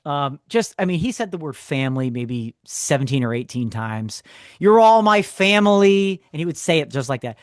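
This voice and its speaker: A man, co-hosting a podcast, telling a story in a casual, animated way with sarcastic asides. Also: medium pitch, brisk, few pauses, dry recording, studio quality. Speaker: podcast co-host. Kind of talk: casual chat.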